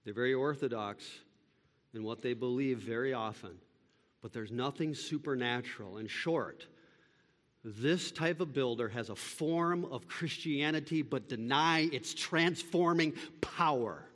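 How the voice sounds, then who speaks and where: A man preaching a sermon, building from steady teaching to loud, impassioned pleading. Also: medium pitch, unhurried, long reverb tail. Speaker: pastor.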